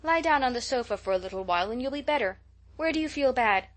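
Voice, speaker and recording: A woman's voice: high voice, lively intonation, fast, pitched above the performer's own voice. A woman voicing an imaginative, chatty young girl who tells everything dramatically, in an audiobook reading. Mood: pleading. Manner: gushing, breathless storytelling.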